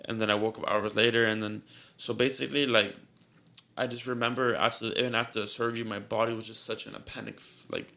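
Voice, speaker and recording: A man's voice: fairly low pitch, little pitch movement, fast talker, gravelly, bright, forceful tone. A young man on a podcast telling a story in casual chat, rambling and repeating himself with a lot of "like", sounding shaky and nervous. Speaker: podcast co-host.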